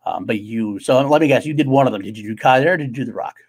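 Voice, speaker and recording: A man co-hosting a casual movie chat, animated and quick to laugh. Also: medium pitch, husky. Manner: animated, laughs often, many restarts. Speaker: co-host of a movie podcast.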